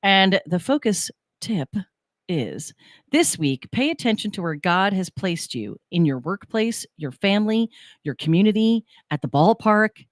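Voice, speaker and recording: A woman co-hosting a casual morning radio show, chatty and rambling, with a husky morning voice. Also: mid-range voice, big pitch swings, unhurried, no room sound, studio quality. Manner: chatty, laughing, rambling asides. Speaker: radio co-host. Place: radio studio.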